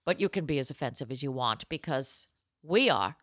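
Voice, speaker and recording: Her very deep voice moves fairly quickly as she co-hosts a comedy podcast, trading jokes and performing playful announcer-style plugs. She comes across as animated and showy. The studio-quality audio has no room sound.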